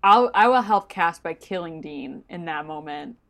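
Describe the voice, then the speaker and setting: Blunt, wry woman with a lower voice. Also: lively intonation, normal speed, vocal fry, a bit bright. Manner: blunt, wry, swears casually. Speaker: podcast co-host. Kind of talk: casual chat.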